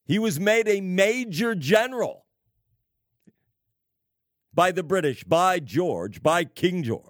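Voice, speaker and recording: A man preaching on prophecy, slow and emphatic, with sarcastic asides and wry laughs. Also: sits high, expressive, no room sound, clean studio sound. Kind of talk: prophecy sermon.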